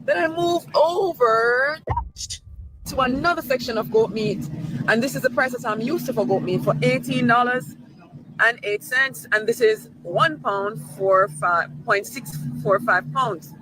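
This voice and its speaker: A man's voice: extremely high pitch, measured pace, noisy background. A man in a casual vlog, carefully and pointedly reading out food labels.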